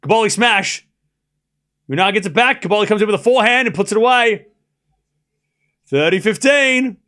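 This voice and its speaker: Brief: high-voiced male streamer, excitable play-by-play, laughs a lot. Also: normal speed. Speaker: streamer host. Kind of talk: live watchalong commentary.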